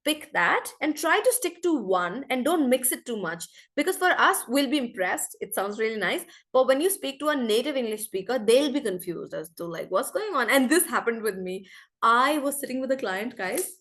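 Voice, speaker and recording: A woman's voice: on the high side, animated, a bit bright. Chatty woman teaching accents. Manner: chatty, repeats example words slowly. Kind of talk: online class.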